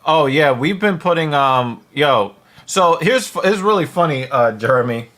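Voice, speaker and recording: A man's voice: fairly high pitch, animated, normal speed, pushed and bright. A man hosting a loose, chatty live stream, talking casually with frequent fillers and restarts. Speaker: host.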